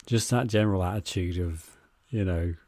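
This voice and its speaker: A man's voice: low-pitched, normal speed, mellow, no room sound. A British man co-hosting a podcast, chatting casually with a dry, teasing wit. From Britain. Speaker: podcast co-host.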